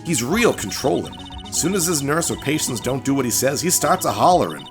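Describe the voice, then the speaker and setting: A brash young country woman with a twang, as a man puts her on, loud and plainspoken, her voice bouncing through a wide range. She talks straight and rough around the edges. Faint music runs behind. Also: mid-range voice, very animated, fairly quick, voice pushed up. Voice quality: folksy, plainspoken. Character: blunt young country woman, nosy photographer.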